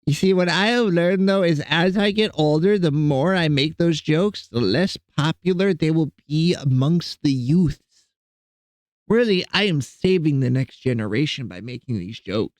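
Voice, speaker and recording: Young male streamer, lively rambling jokey chat at his home desk, dry close desk mic. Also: a little high, normal speed, no room sound. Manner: rambling, joking, chatting to his cats. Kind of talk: casual live-stream chat.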